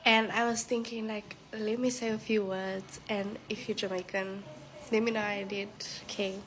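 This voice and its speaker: Soft-spoken South African woman chatting. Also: medium pitch, level tone, slight background noise, rough recording. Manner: soft-spoken, filler-heavy, with quick rushed bursts. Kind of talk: casual vlog chat to camera.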